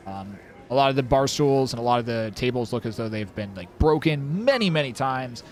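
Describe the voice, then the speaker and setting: A man's voice: medium pitch, lively intonation, brisk. A young man running a tabletop game as dungeon master, describing scenes with many fillers and restarts.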